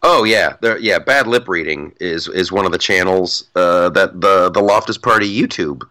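A man's voice: deep voice, normal speed, sharp tone. A man co-hosting a podcast in casual political chat, emphatic and repeating his punchlines for effect. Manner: emphatic, repeats phrases, mock-boastful. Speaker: podcast co-host.

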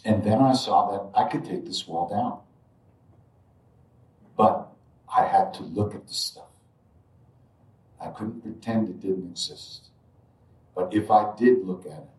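A man with a low voice tells a personal spiritual story. He sinks to soft murmurs and then suddenly jumps up in pitch and volume as he acts out moments. The sound is roomy and the mic sits at a distance. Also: measured pace, pauses often. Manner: reflective, drifts quiet then jumps loud when acting out moments. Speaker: spiritual teacher telling a story.

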